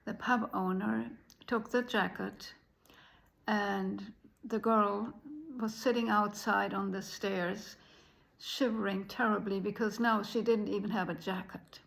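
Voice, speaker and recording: A woman telling a folk tale in an unhurried way, pausing often. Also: mid-range voice, fairly even intonation, creaky, fairly bright tone, low-quality recording. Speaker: storyteller.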